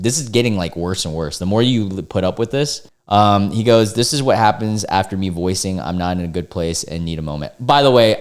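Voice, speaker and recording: A man's voice: sits low, darkish tone, clear, resonant tone. A young man reading forum posts aloud and reacting in casual commentary, blunt and exasperated, swearing freely in his asides. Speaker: online video host reading forum posts.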